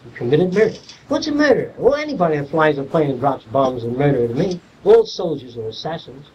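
A man's voice: on the high side, fast, a little hiss or hum. An older man giving an informal lecture, blunt and salty, acting out little dialogues as he tells stories. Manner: blunt, salty, animated storytelling. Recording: distant, muffled 1970s archive tape.

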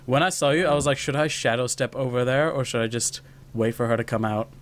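A man's voice: medium pitch, fairly even intonation, quick pace, soft background music. A man hosting a gaming video, chatting casually and teasing his sibling as they play, laughing often. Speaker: gaming channel host. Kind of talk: casual gameplay chat with sibling.

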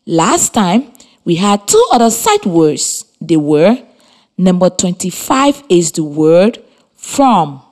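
A woman teacher with a Liberian English accent gives a scripted radio lesson to children. Her voice sits a little low, but her pitch swings widely as she speaks. She takes her time, spelling words letter by letter. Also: sing-song, slow pace, a little mellow.

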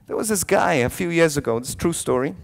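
High-voiced man preaching an animated sermon. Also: fast talker. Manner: animated storyteller, jumping between hushed lines and loud shouted quotes; frequent restarts and repeated words. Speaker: priest. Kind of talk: sermon at a youth event.

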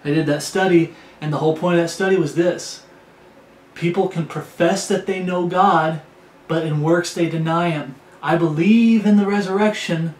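A man preaching a sermon, earnest and repetitive, often restarting his phrases. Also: a little high. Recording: echoey room with faint background noise.

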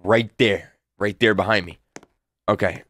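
A man's voice: lowish voice, fairly even intonation, unhurried, fairly bright tone, dry recording. A man playing a horror game and commenting, muttering nervously and repeating himself. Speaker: gaming YouTuber. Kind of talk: let's play commentary.

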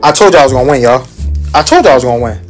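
Wanita vlogger yang sombong dan suka menggoda. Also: female voice, extremely low pitch, lively intonation, very fast, faint music behind. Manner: boastful, loud and teasing. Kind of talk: playful trash talk with a friend.

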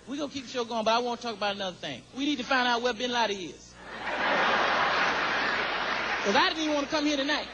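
A man doing stand-up comedy as host of a live show, riffing in a high, animated voice. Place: stage before a live audience. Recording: loud crowd and noise, live venue.

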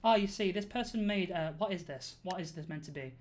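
Young woman streamer, lowish voice, giggly rambling live gameplay chatter at a desk mic. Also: brisk, background noise. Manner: rambling, giggly, self-mocking, many fillers. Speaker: Twitch streamer.

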